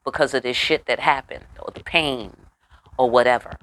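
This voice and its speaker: A woman giving a casual tarot reading, animated and profane with chatty asides. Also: rumbling low, moderate pace. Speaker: tarot reader.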